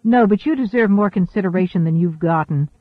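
A man reading the lines of a gentle, wise woman space traveler in an audiobook. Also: sits high, brisk, no echo, close to an everyday voice. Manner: gentle, reasoning. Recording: thin phone-like dry audio.

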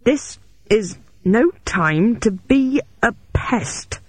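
A woman's voice: medium pitch, expressive, fairly quick, darkish tone, no room sound, close to an everyday voice. A man voicing a tough young female detective who answers danger with sardonic quips, in a dry recording. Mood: tense. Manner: sardonic quips under pressure.

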